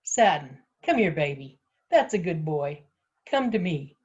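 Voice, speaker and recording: A woman reading a story aloud, voicing a level-headed older woman who speaks gently and coaxingly. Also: medium pitch, animated, moderate pace, dull audio, natural voice.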